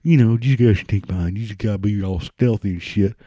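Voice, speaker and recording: A man's voice: on the low side, a little fast, warm tone, no echo, dull audio, natural voice. A man doing a brash, cocky redneck. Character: boastful redneck man sneaking into a zoo.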